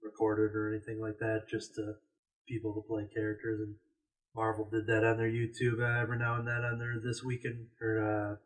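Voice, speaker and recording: A man's voice: lowish voice, completely flat delivery, a little fast. A man co-hosting a casual podcast from a store, rambling with lots of fillers. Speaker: podcast co-host. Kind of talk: casual chat. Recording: distant from the mic.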